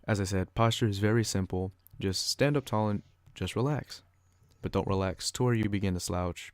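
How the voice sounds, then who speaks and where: Young guy with a real low voice reading his class podcast off a script, dry close sound. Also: a little mellow, no room sound. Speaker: student podcaster.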